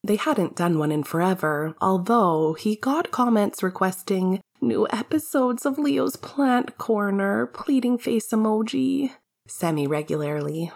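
A woman's voice: medium pitch, lively intonation, a little slow, gravelly, darkish tone. A woman narrating a fan fiction story in a wry, casual way, swearing freely. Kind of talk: fan fiction audiobook reading.

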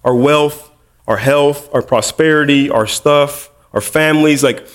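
A man's voice: on the high side, unhurried. A man preaching a casual, conversational sermon with humorous, self-deprecating storytelling. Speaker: preacher, middle school teacher.

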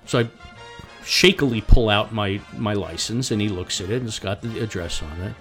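Man telling a story with halting restarts. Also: fairly low pitch, a bit bright, faint music behind. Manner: halting, repeats and restarts words. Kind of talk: personal storytelling.

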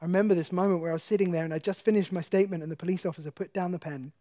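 A man tells a personal story of faith to an audience, lively and laughing often, then hushed in the tense parts. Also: sits high, rapid-fire. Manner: animated storyteller who laughs often and drops to a hush for tense moments. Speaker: guest speaker. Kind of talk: personal testimony told to an audience.

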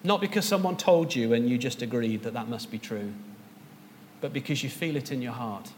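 A man's voice: medium pitch, normal speed, long reverb tail, a little hiss or hum. A man preaching a sermon as pastor, earnest and rising to emphatic peaks.

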